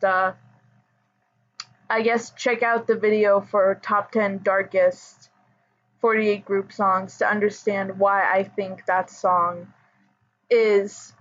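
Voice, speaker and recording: A woman chatting casually as a pop music fan, rambling with fillers and soft laughs. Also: mid-range voice. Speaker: idol fan commentator. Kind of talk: casual chat. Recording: dull lo-fi audio.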